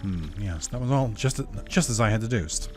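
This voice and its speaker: Guy putting on a pompous know-it-all game detective, smug and slow. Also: fairly low pitch, lively intonation, soft background music, natural voice. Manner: pompous, drawn-out deductions. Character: pompous self-assured male detective.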